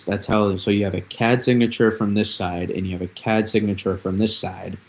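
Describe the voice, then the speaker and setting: A man's voice: fairly low pitch, a little mellow. A young man from New England hosting a live weather stream, rambling through the forecast, repeating himself and answering chat questions as he goes. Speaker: weather livestream host. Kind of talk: casual livestream weather analysis.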